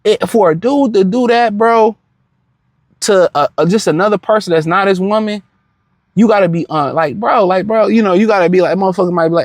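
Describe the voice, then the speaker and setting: A man with a high voice talks through a casual reaction rant. He is blunt and profane, and he circles back with slang and filler words. The sound is dry and close, with no room echo. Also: fairly quick. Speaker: commentator reacting to a clip.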